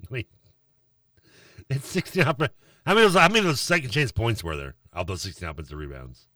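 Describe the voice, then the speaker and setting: Animated ranting co-host, bright voice. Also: male voice, mid-range voice, quick pace, dry recording, clean studio sound, distant mic. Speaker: sports radio co-host. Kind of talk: casual sports talk.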